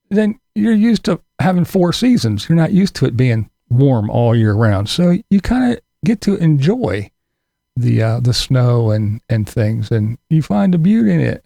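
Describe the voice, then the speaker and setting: Gravelly, sarcastic middle-aged man. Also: a little high, mellow, dry recording, clean studio sound. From Pennsylvania. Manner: rambling, sarcastic, swears casually. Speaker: commentary channel host. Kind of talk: casual commentary on other creators.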